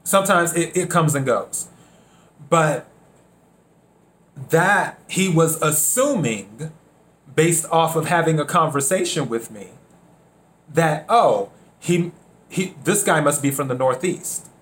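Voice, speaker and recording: A man from South Carolina hosting a reflective solo podcast, unhurried, repeating his phrases and acting out bits of dialogue. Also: fairly high pitch, lively intonation, a bit bright. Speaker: podcast host.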